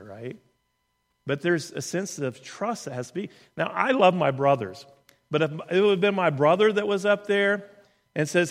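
Earnest storytelling man, slightly high voice, conversational, lots of restarts, long hall reverb. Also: animated, normal speed, creaky, a bit bright. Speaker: speaker telling a personal story. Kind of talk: storytelling in a talk.

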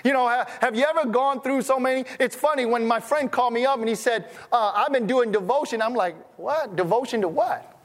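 A man's voice: very high-pitched, a little fast, few pauses, a bit bright, big-room sound. A man preaching as a pastor, telling stories in a conversational way and often restarting his sentences. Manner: conversational, storytelling, stammering restarts. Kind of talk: sermon.

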